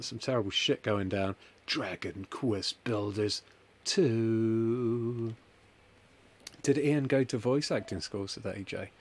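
A man chatting through a game, joking and reading viewer comments aloud, feeling hot and sweaty. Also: on the low side. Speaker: Let's Play streamer. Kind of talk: casual gameplay commentary.

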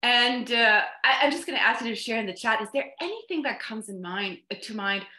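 A woman presentation coach giving an online workshop talk over a video call, speaking deliberately and stressing key words. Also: fairly high pitch, lively intonation, pushed and bright, reverberant.

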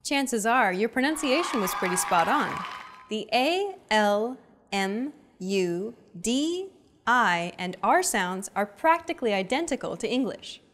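A woman hosts a language lesson and reads her script with a voice that rises and falls a lot. Her pitch sits a little high, and she cheers the learner on with short prompts. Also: very animated, unhurried. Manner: bright, encouraging teacher prompts.

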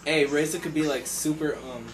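A young man joking crudely with friends in a room, yelping and shouting now and then. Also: fairly high pitch, fairly even intonation, moderate pace, recorded from a distance, over a noisy crowd. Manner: loud, crude, joking, bursts into yelps and shouts. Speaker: friend filming a home video. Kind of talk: rowdy casual banter. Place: indoor room. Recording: noisy home camcorder audio.

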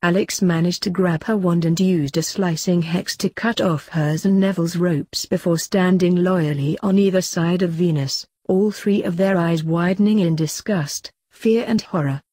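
Husky low-voiced woman reading a story. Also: normal speed, few pauses, warm tone, no room sound. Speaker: fanfiction reader. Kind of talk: reading fanfiction aloud.

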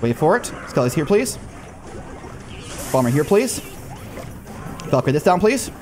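A young man gives lively live commentary on his gameplay, his slightly high voice swinging widely in pitch. He coaxes his cards, mocks himself and talks straight to his viewers. A faint music track plays behind him. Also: unhurried. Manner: excitable, talks to the cards and the viewers, self-mocking. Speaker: gaming YouTuber.

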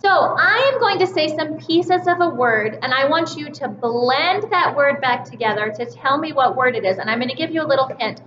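A woman teaching kindergartners a reading lesson, speaking in a slow, encouraging teacher voice and stretching out the sounds of words. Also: high-pitched, lively intonation. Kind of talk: slow, clear reading lesson for young children. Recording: slightly dull, roomy home recording with faint noise.

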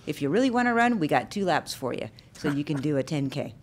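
A woman speaks on behalf of a community organization, promoting an event in an upbeat, friendly way. Her voice sits slightly low. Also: very animated, quick pace. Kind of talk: public announcement at a council meeting.

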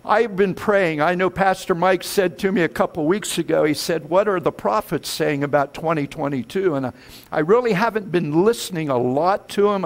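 A man preaching a sermon in church, swelling up and dropping low as he calls out to the congregation. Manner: preaching with swells and drops in pitch and loudness. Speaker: pastor. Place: church sanctuary.

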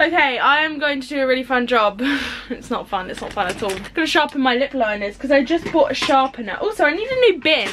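A woman's voice: high-pitched, animated, fairly quick, fairly bright tone, faint music behind. Chatty young woman vlogging at home. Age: young adult. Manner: rambling, self-mocking and chatty. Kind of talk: casual vlog chatter. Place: home, indoors.

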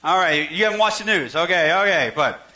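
A man's voice: on the high side, expressive, a little fast, pushed and bright. A man preaching a sermon to his church in a conversational way, asking the congregation to fill in words, with self-deprecating humor and frequent stammered restarts. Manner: conversational, call-and-response questions to the congregation. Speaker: pastor. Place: church sanctuary.

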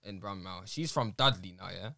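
A young man hosting a casual podcast, asking questions quickly and telling stories. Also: deep voice, creaky, bright, forceful tone, no room sound, studio quality. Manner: quick, curious, storytelling. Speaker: podcast host.

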